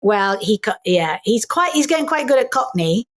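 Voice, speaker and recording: A middle-aged English actress chatting playfully in an interview, animated and fond of slipping into mimicry. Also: female voice, on the high side, normal speed. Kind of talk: casual interview chat.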